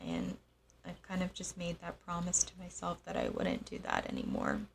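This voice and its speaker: A young adult woman telling a personal story in a halting, soft-spoken way, with frequent pauses. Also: fairly low pitch, wildly swooping pitch, vocal fry, slight background noise. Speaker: host.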